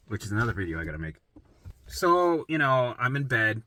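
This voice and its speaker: A middle-aged man telling his own story in a rambling, profane, animated way, often asking "right?" and jumping into acted voices. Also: measured pace. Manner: acts out his own past voices in sudden pitch jumps. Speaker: vlogger sharing his recovery story. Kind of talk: casual storytelling monologue.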